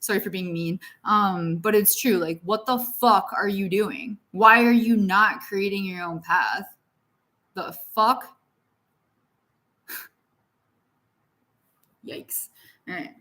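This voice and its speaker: A woman's voice: mid-range voice, slow, long pauses, sharp tone. A young adult woman giving a casual tarot reading, talking in a blunt, profane, tough-love way. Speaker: tarot reader.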